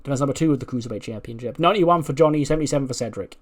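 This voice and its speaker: A man's voice: mid-range voice, racing. Guy narrating his wrestling sim save, loose and rambly, swears a lot, lots of you know. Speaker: gaming video creator. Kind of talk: casual game commentary.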